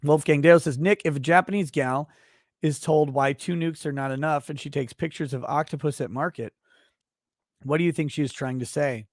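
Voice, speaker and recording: A man's voice: on the high side, brisk, no room sound, studio quality. A man hosting a casual livestream, reading viewer messages aloud and giving blunt, profane, offhand replies. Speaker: livestream host.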